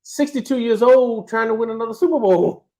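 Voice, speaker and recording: A man with a notably high voice on a casual sports podcast. He cuts in with quick, teasing remarks and plays devil's advocate. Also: a crowd in the background. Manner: teasing, chimes in with short quips. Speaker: podcast co-host.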